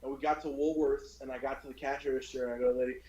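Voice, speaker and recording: A man in casual storytelling mode, profane and animated, slipping into the voices of the people he describes. The sound is roomy and a little dull and lo-fi. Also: mid-range voice, very fast.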